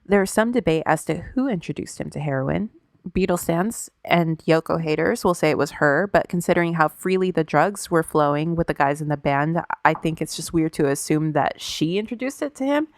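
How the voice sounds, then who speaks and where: A woman's voice: sits low, animated, moderate pace, no room sound, studio quality. A woman co-hosting a podcast, telling a story in casual chat, loose and profane, with plenty of "like" fillers. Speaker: podcast co-host.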